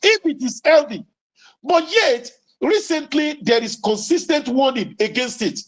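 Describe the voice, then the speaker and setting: A man giving a religious lecture as an Islamic preacher, deliberate and emphatic, quoting Arabic sayings and repeating key lines. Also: very high voice, animated, low-quality recording. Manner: quotes Arabic sayings then explains them.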